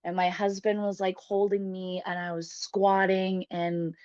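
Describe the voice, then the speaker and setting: A woman's voice: medium pitch, level tone, unhurried, darkish tone, dry recording. A young woman telling a personal story as a podcast guest, candid and emotional, swearing freely and laughing often. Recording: dull, dry, lo-fi podcast sound.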